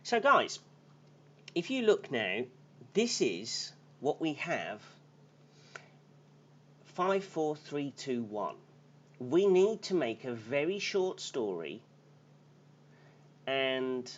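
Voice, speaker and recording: A man's voice: mid-range voice, sing-song, slow pace, pauses often, lo-fi sound, a little hiss or hum. A man teaching an English lesson on a live stream, often checking in with his class by asking "okay?" and "yeah?".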